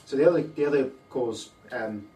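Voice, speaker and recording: A man, a surgeon, calmly explaining a bowel disease in clinical detail during a teaching discussion. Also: medium pitch. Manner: measured, explanatory, technical. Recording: echoey room, distant mic, faint noise.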